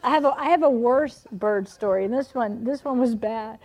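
A middle-aged woman preaching a sermon, telling animated personal stories with frequent laughter. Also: on the high side, moderate pace.

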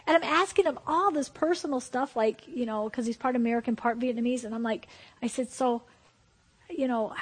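A woman preaching an informal sermon to a group, telling personal stories in an animated, emphatic way. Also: fairly high pitch, a little fast, slightly rough.

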